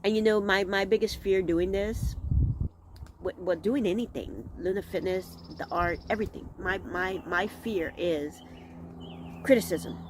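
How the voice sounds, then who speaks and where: A woman's voice: mid-range voice, a little slow, noisy background. A middle-aged woman hosting a casual vlog outdoors, talking candidly and rambling, often restarting her thoughts. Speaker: vlog host. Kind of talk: casual reflective vlog monologue.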